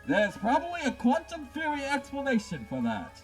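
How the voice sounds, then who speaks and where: A man's voice: very high-pitched, huge pitch swings, normal speed, soft background music, pitched above the performer's own voice, full character voice, rough recording. A man voicing an arrogant, brainy young female scientist who lectures and talks down to others, reading a game script aloud. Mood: condescending. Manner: condescending, lecturing.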